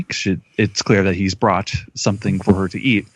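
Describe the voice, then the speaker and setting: A man's voice: low voice, level tone, a little fast, no echo. A man on a podcast recapping a manga chapter in an easygoing way, with many fillers. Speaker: podcast co-host or guest. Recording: dry, dull lo-fi podcast audio.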